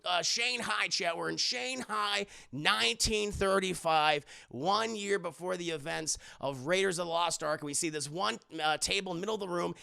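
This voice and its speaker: Man streamer, rambling and profane movie recap to chat, fairly high, very gravelly. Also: bright, forceful tone. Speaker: movie reviewer and livestreamer. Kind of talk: casual livestream movie review.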